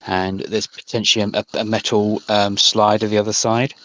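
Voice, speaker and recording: A man, narrating a tabletop game as game master in a halting, descriptive way with many fillers. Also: fairly low pitch, flat delivery, fairly bright tone, no room sound.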